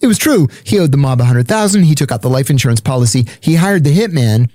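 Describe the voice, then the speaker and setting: Blunt man telling a story, dark tone. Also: mid-range voice, animated, quick pace, no echo, clean studio sound. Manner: blunt, profane, matter-of-fact. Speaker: podcast guest. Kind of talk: casual storytelling.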